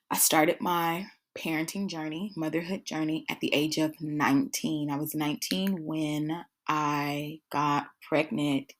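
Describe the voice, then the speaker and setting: A woman hosting her own podcast, telling her personal story in a casual, conversational way, calling her listeners y'all. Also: low voice. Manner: conversational, addresses listeners as y'all, frequent fillers. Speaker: podcast host.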